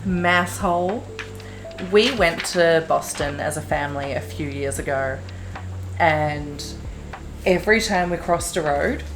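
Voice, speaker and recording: A woman's voice: fairly low pitch, poor audio. A woman chatting casually as she unboxes and reviews a makeup collection, gushing and self-deprecating. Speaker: beauty vlogger.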